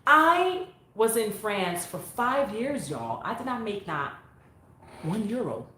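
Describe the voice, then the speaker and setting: A woman chatting casually with viewers on her phone, animated and talkative. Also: medium pitch, slow pace. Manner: animated, chatty, bursts into sung vocal runs. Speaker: vlogger. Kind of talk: casual live chat to viewers. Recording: echoey room on a phone.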